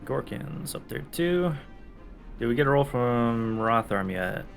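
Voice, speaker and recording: A man running a tabletop game as dungeon master, narrating in a laid-back, halting way with many pauses. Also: mid-range voice, expressive, gravelly, soft background music.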